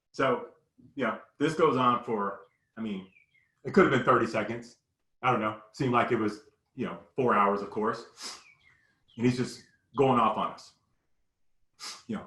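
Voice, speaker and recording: A man tells a personal story with raw emotion, stumbling and repeating words as he goes. His voice sits at a middle pitch, and the recording has a roomy echo. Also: normal speed, long pauses, pushed and bright. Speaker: guest recounting a personal story.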